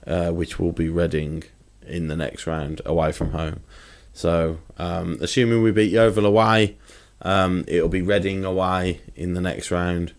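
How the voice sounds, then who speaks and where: A man co-hosting a casual football podcast, talking in an animated, exasperated way. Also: low-pitched. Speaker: podcast co-host.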